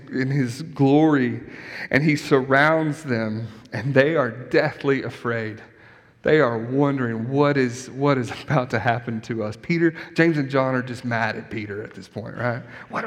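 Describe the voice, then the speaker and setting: A man preaching a sermon in a conversational style, animated, tossing in asides to the congregation. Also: mid-range voice. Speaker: pastor. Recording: long church reverb.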